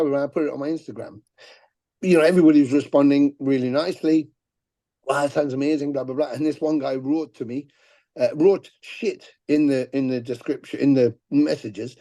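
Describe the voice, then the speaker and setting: A middle-aged man, a musician guest telling profane, animated stories on a podcast and acting out the people he quotes. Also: a little high, vocal fry, no echo. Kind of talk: casual podcast storytelling.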